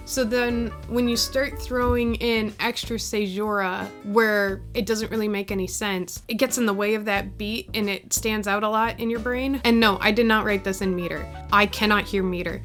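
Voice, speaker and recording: A woman poet walks through her own drafts in an easygoing, chatty way, poking fun at herself as she goes. Her voice sits at an ordinary middle pitch. Soft guitar music plays faintly underneath. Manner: chatty, self-deprecating, laughs at herself. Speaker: poet explaining her editing.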